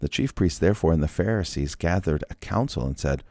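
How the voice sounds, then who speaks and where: A man with a low voice reads scripture aloud and interrupts himself with casual, joking asides, laughing and sighing. The recording is dry and close. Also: expressive, brisk, a little mellow, no echo. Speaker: Bible reader. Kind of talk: scripture reading with casual commentary.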